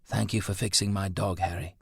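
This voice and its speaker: A man voicing Roland, a gruff, swearing man who talks his wounded dog through a crisis, in an audiobook. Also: low voice, fairly even intonation, brisk, no echo, studio quality, full character voice. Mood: quiet.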